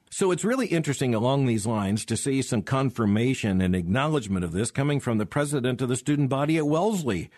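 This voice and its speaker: A man's voice: mid-range voice, expressive, fast, few pauses, a little mellow, no room sound. A middle-aged man giving emphatic radio commentary, with sarcastic asides.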